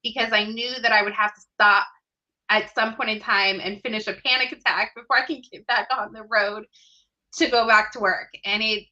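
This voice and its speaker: A woman in her thirties, a podcast guest, telling her personal story in an earnest, heartfelt way with hesitant pauses. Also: mid-range voice, fairly even intonation, pushed and bright, dull audio.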